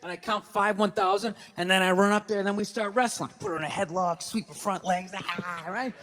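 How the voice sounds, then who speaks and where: A man doing a stand-up comedy routine on stage, ranting profanely and breaking into shouts. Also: high-pitched, fairly even intonation, a little fast, a little hiss or hum. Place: large venue on stage. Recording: hall reverb with faint ambience.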